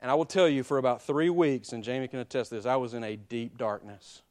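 A man, preaching a sermon that moves between quiet personal confession and loud, emphatic exhortation. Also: mid-range voice, fast. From Alabama. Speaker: pastor.

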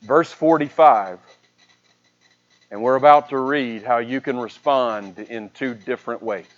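A man preaching a sermon, retelling a scripture story with dramatic swings between a raised voice and a hushed one. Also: medium pitch, measured pace, highs cut off.

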